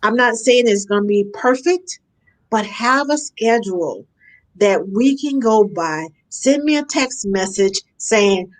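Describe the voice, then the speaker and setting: A woman talking as a nanny in a casual conversation, animated and acting out the parents and children she describes. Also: medium pitch. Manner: animated, acts out parents and kids in quick asides. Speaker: nanny guest.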